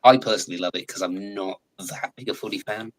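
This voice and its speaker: An English man in his forties, a guest in a casual live chat, talking in a chatty, animated way and laughing often. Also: lowish voice, fast, low-quality recording. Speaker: guest actor.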